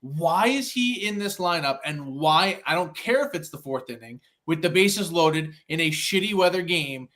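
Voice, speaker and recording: A man on a sports podcast, arguing his points in a quick, animated way. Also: fairly high pitch. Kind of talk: casual sports chat.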